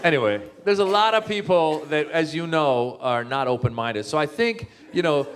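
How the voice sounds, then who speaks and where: Male comedian-author, animated storyteller, live comic talk. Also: on the high side, normal speed, a crowd in the background, background noise. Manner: animated storyteller, many restarts.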